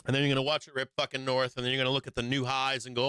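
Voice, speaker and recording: A man's voice: mid-range voice, monotone, rapid-fire, sharp tone, clear, resonant tone, dry recording. Blunt, profane male market show host. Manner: blunt, profane, emphatic, repeats points. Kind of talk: livestream market commentary.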